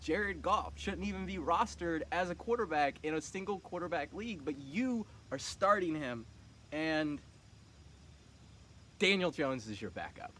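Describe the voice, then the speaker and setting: A man's voice: on the high side, expressive, unhurried, fairly bright tone, a little hiss or hum. A man running a fantasy football league, talking casually and teasing the other players with cocky trash talk.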